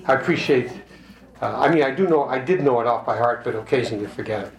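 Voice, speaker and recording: A man's voice: mid-range voice, a little fast. A man speaking casually to a recovery group, hesitant, with many fillers and restarts. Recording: echoey room, faint noise.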